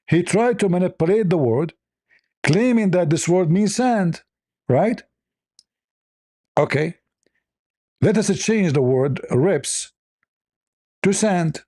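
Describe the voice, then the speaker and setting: A man's voice: high voice, dark tone, dry recording, clean studio sound. A man hosting a stream, speaking as an in a sarcastic, mocking commentary style. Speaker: livestream host.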